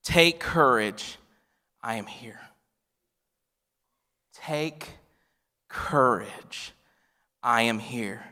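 A man voicing Jesus in a sermon, speaking softly and reassuringly, sometimes in a whisper. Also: mid-range voice, lively intonation, very slow, long pauses, heavily acted. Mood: gentle. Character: gentle reassuring male Jesus figure. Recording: long reverb of a large hall.

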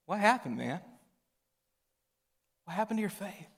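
A man voicing Jesus in a sermon, speaking softly and reassuringly, sometimes in a whisper. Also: mid-range voice, expressive, very slow, heavily acted. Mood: gentle. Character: gentle reassuring male Jesus figure. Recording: long reverb of a large hall.

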